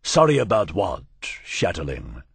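A ponderous elephantine alien ambassador in an audiobook, slow and stately, a touch lowered in pitch, as a man voices him. Husky and dry in tone. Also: huge pitch swings, no echo, heavily acted. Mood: puzzled.

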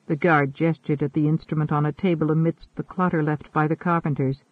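A man reading a novel aloud in a measured, even narration. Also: a little high, no echo. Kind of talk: audiobook narration. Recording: narrow phone-like sound.

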